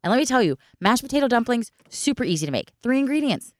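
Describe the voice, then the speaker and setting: A woman's voice: a little high, sing-song, fast talker, dry recording. A middle-aged woman co-hosting a podcast in casual chat, laughing often and explaining recipes step by step. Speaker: podcast co-host.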